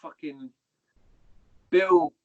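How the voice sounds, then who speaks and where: Very slow and fairly high-pitched with a fairly bright tone, a Hereford man on a podcast drifts through army anecdotes. He swears a lot and calls the listener "mate." The dry recording is dull lo-fi podcast audio.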